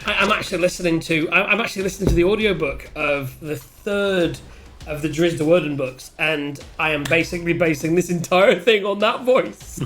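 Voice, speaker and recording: Casting: excitable male player, high bright voice, light music underneath. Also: normal speed. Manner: excitable, swears freely. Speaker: tabletop player. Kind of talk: casual chat wrapping up a game session. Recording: faint music behind.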